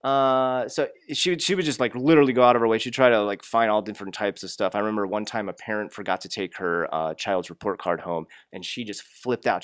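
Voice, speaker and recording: A young man with a lowish voice rants bluntly in a casual advice vlog, swearing freely as he talks through his workplace troubles. His voice is recorded close and dry, with no room sound around it. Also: a little fast, few pauses, smooth, dry recording. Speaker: English teacher in Japan.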